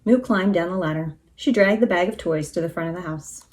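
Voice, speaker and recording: A woman teacher reading a children's storybook aloud in an expressive, animated way. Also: lowish voice, fairly quick.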